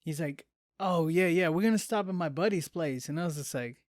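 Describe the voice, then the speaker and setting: Young male podcast co-host, slightly high voice, dry close sound, lively storyteller who swears. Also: a little fast, no room sound. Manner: animated storyteller, acts out quoted voices, swears freely. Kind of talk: casual chat.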